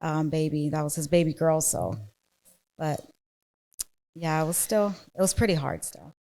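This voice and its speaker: A woman telling her own story as a podcast guest, earnest and halting. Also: sits low, warm tone. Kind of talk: casual chat.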